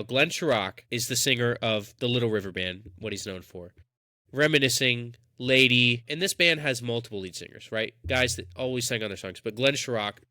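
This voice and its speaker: A young man co-hosting a podcast, talking in an enthusiastic, rambling way with plenty of emphasis. His voice is bright and forceful, and it sits close and dry with almost no room sound. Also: medium pitch, no echo. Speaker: podcast co-host. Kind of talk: casual chat.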